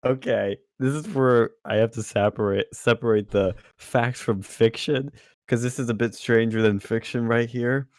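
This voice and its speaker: A man's voice: medium pitch, fairly even intonation, normal speed, darkish tone, dry recording, clean studio sound. A man hosting a podcast, telling a story in a loose, casual way with lots of fillers and some swearing. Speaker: podcast host. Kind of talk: casual chat.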